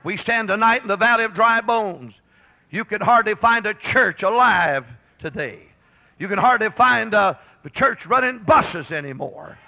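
A man preaching a fiery revival sermon, shouting and thundering in repeated exhortations to a church congregation. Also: high-pitched, normal speed, gravelly, poor audio.

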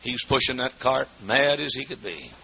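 Fiery preacher man, bright voice. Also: medium pitch, sing-song, moderate pace, gravelly. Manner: fiery preaching, swinging from shouts to hushed storytelling. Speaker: pastor. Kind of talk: sermon. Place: church. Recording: dull lo-fi recording with faint noise.

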